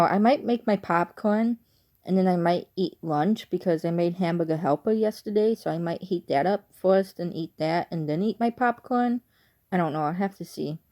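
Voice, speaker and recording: A woman's voice: on the low side, mellow. A woman from Chicago with a speech impairment, chatting casually in a rambling, unsure way on her vlog. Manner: rambling, digressive, often unsure. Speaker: vlogger.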